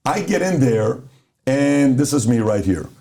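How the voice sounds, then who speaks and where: A middle-aged man from Iran tells a story in a mellow, warm voice. He hosts a casual chat and acts out the quotes he tells. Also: medium pitch, big pitch swings, a little slow. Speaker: host.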